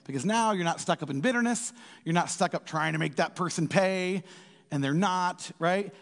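A man preaching a casual sermon in a lively way, acting out quotes in different voices. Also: high voice, moderate pace. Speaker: pastor. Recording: reverberant hall.

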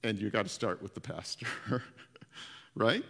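A man preaching a sermon as pastor, animated and repeating his phrases, with frequent laughs. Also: on the low side, measured pace, gravelly, long pauses, husky. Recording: long hall reverb.

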